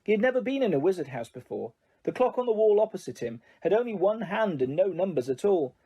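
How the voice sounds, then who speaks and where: An audiobook narrator reading a story in a soft, hushed, even way. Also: mid-range voice, quick pace, slightly rough, highs cut off.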